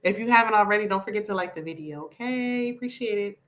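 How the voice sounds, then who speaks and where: A woman's voice: mid-range voice, quick pace, a bit bright. A woman, giving sassy, opinionated casual commentary on a reality show and talking back at the screen.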